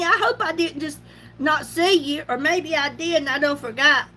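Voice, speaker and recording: A middle-aged woman with a drawl talks through a casual makeup livestream in a high, bright voice. She is chatty and laughs easily, and she breaks off to greet viewers by name. A faint room hum sits behind her. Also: normal speed. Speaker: beauty livestream host. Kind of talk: casual makeup live chat.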